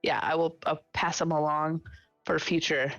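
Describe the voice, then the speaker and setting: A woman's voice: sits low, level tone, moderate pace, fairly bright tone, no echo, lo-fi sound, soft background music. A woman playing a tabletop game, talking in a playful, gleeful way. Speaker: player. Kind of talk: casual tabletop role-play.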